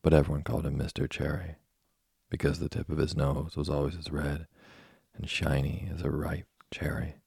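Very deep, gravelly male sleep-story narrator. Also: flat delivery, moderate pace, a little mellow, dry recording, clean studio sound.

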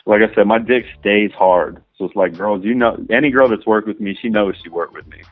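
Deep-voiced crude rambling man. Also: fairly quick, no echo, phone-quality sound. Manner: rambling, crude, peppered with "you know" and "man". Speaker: adult film performer guest. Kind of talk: casual interview talk.

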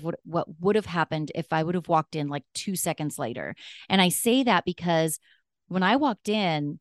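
A woman's voice: fairly low pitch, no room sound, clean studio sound. A young woman casually telling a personal story, chatty and full of "like" fillers. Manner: chatty, many "like" fillers, acts out quoted dialogue.

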